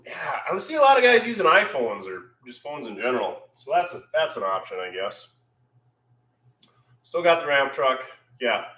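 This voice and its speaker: A man's voice: medium pitch, very animated, moderate pace, pushed and bright, echoey room, poor audio. A man hosting a casual livestream from his repair shop, rambling and reading viewer comments aloud. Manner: laid-back, rambling, reads chat aloud. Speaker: channel host.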